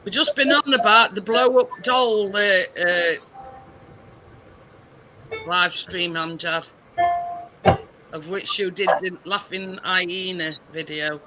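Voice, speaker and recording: A man hosts a casual live stream in a high voice. He speaks slowly and draws out his interjections as he reads viewers' comments. Music plays clearly underneath. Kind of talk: casual chat.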